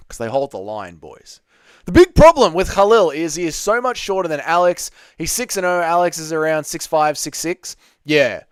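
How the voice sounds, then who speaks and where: A man's voice: on the high side, sing-song, normal speed, smooth, no echo, clean studio sound. A man hosting a casual livestream Q&A, reading chat questions aloud and bantering back.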